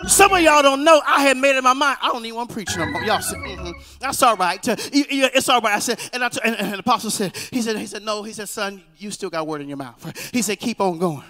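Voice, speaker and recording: A man preaching a guest sermon in a church, calling on the congregation to repeat after him and swinging between hushed lines and shouted, half-sung ones. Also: high voice, animated, quick pace, few pauses, in a large hall, faint music behind. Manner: call-and-response preaching, shouting and half-singing. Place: church sanctuary.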